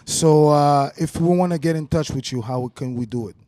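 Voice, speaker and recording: Relaxed male talk-show host. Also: on the high side, moderate pace, dry recording. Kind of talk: casual interview chat. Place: studio.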